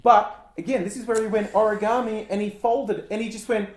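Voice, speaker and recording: A man's voice: high-pitched, steady tone, fairly quick. A man co-hosting a casual political chat, ranting bluntly and sarcastically. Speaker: podcast co-host. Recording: roomy echo.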